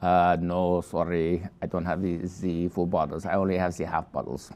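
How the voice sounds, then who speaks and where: A man doing a quick, low mock-French accent as an apologetic male wine merchant. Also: little pitch movement, a little mellow, close to an everyday voice.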